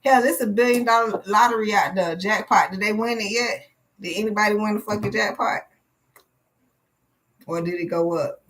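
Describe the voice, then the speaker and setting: A woman's voice: medium pitch, moderate pace, long pauses, fairly bright tone, poor audio. Blunt, profane woman tarot reader. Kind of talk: live tarot reading.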